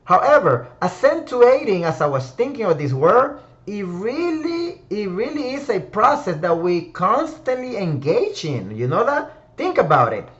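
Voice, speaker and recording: A man's voice: high voice, sing-song, unhurried, fairly bright tone, highs cut off. A man hosting a motivational discussion room, reflective and emphatic, speaking to listeners by name. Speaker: host of a word-of-the-week discussion room. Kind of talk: motivational talk.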